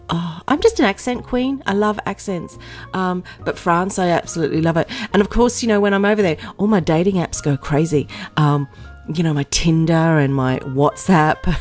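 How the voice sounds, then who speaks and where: Low-voiced chatty woman vlogger. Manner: rambling, chatty, many fillers and giggles. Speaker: vlog host. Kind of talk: casual chat to camera.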